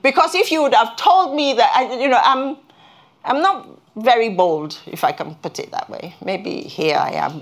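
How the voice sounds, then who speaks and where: Earnest woman preaching a sermon. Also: medium pitch. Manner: earnest, halting restarts, rises when stirred. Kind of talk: sermon with personal testimony.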